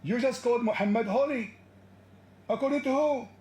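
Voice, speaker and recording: Mocking, combative high-voiced man. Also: moderate pace, a little mellow, echoey room. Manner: mocking and combative, taunts and laughs at caller. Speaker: debate livestream host. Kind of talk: heated live call-in debate.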